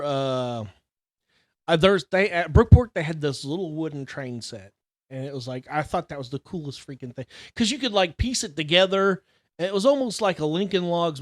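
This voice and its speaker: A middle-aged man telling childhood stories in casual chat, animated, exaggerating for laughs and swearing freely. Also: on the high side, no echo, clean studio sound. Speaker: podcast co-host.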